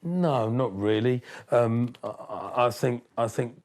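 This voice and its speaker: A man, a DJ talking in a casual interview, animated and full of slang, often repeating words as he restarts. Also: medium pitch, takes it slowly. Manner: street slang. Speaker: DJ and producer, interview guest.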